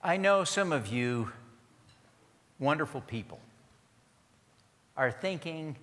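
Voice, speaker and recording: A man's voice: mid-range voice, very animated, slow, pauses often, a bit bright. A man giving a conference keynote, earnest and rousing as he leads the audience in a pledge. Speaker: keynote speaker. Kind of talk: conference speech. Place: large conference hall. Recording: reverberant conference hall.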